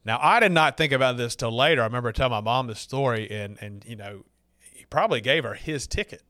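A middle-aged man from Alabama tells a personal story in a casual, chatty way with a Southern accent, full of fillers and restarts. His mid-range voice comes out quick, pushed and bright. The studio sound is clean with no echo.

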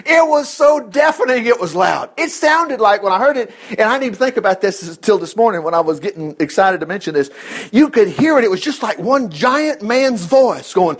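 A man preaching a lively sermon, reading scripture with loud exclamations and quick low asides.

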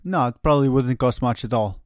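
A man with a foreign accent, calm and drily skeptical, co-hosting a casual soccer chat. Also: medium pitch, a little fast, dry recording, clean studio sound. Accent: non-American. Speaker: soccer podcast co-host.

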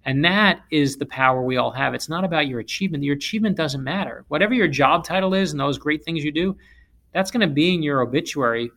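A man who is an author, from South Florida, telling stories in an interview in an emphatic, animated way. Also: a little high, fast. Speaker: author and guest speaker. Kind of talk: interview storytelling.

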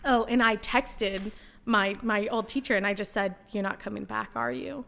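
A young woman, a podcast guest, telling stories in casual chat, full of "like" and quick laughs. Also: medium pitch, creaky. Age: young adult. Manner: animated, heavy use of "like", laughs while telling stories.

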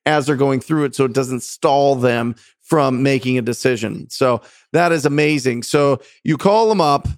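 A man's voice: mid-range voice, normal speed, hardly any pauses, no room sound, studio quality. A man hosting an interview, enthusiastic and coaching, praising his guest and asking about his methods. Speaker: host interviewing a real estate wholesaler. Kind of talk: conversational interview.

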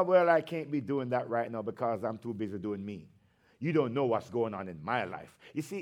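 A male pastor preaching a sermon, drawing out his words for emphasis and breaking into conversational asides between scripture readings. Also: a little high. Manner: slow, emphatic preaching with drawn-out phrases.

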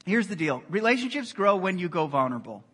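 A man's voice: high-pitched, sing-song, quick pace, sharp tone. A middle-aged man preaching a sermon as pastor, earnest, acting out quoted dialogue as he speaks.

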